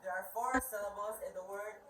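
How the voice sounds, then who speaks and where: A woman teacher leading a classroom lesson, speaking slowly and patiently and repeating words for her students. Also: mid-range voice, over a noisy crowd. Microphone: distant camera. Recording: roomy classroom from far off, children around.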